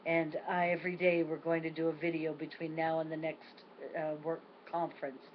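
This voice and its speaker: A woman's voice: deep voice, flat delivery, moderate pace. An older woman telling a personal story in an earnest, reflective video diary at home. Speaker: vlogger. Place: home at night. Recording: dull lo-fi with faint noise.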